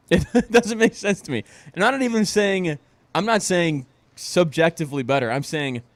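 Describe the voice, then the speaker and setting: A man's voice: mid-range voice, no room sound. A man co-hosting a casual podcast, ranting with heavy swearing and frequent laughter. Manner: ranting, profane, laughs often. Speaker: podcast co-host. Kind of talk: casual chat.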